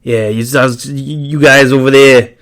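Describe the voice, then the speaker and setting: Brief: raspy, easygoing guy who stretches out his greetings, played by a man. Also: mid-range voice, fairly even intonation, takes it slowly, a bit bright. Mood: friendly. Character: friendly raspy-voiced man with a strong accent.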